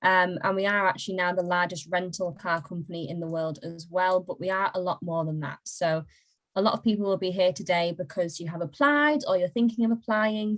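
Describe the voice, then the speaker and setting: A woman's voice: fairly low pitch, poor audio. A young woman presents as a recruitment marketer in a bubbly, self-mocking, casual style.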